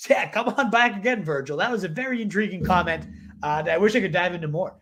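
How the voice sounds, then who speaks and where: A man with a notably high-pitched voice hosts a loose fantasy football livestream. He reads viewer questions aloud and answers in rambling, halting bursts, restarting his sentences and leaning on fillers. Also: a bit bright, slight background noise. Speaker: fantasy football show host. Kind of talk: casual livestream chat.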